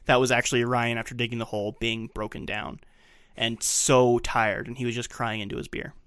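A man's voice: mid-range voice, flat delivery, brisk, fairly bright tone, clean tone, dry recording, studio quality. A man co-hosting a casual podcast, walking through a film scene by scene and dropping behind-the-scenes fun facts. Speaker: podcast co-host.

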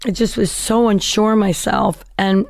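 A middle-aged woman being interviewed, telling her life story in a lively way and acting out the people she quotes. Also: medium pitch, measured pace, vocal fry, dry recording. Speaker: guest.

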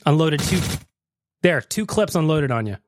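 A man's voice: a little high, normal speed, very noisy. A man hosting a casual podcast, reacting to listener voicemails with mock outrage and jokes. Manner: animated, swearing, mock outrage. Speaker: podcast host.

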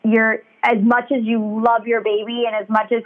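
A woman's voice: fairly high pitch, flat delivery, normal speed, slight background noise. A young woman talking in a chatty, rambling, candid way during casual conversation. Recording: tinny phone-like sound.

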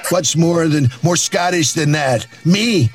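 Guy doing a bragging older politician, rambly, kinda high voice, faint music behind. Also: slow pace. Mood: boastful. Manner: rambling, self-praising. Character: brash boastful older male politician.

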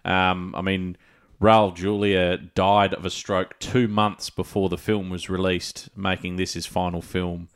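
A man with a deep, low voice, chatting on a gaming podcast. He tells stories with an easy, chatty manner and breaks into laughter at his own jokes. His delivery is relaxed and conversational. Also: measured pace, smooth. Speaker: podcast co-host. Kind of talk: casual gaming podcast chat.

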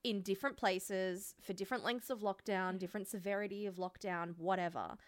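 A frank Australian woman rants in casual podcast chat and doesn't hold back on swearing. Her voice sits mid-pitch and sounds dry and close, with no room around it. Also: fairly even intonation, a little fast, no room sound. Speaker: podcast co-host.

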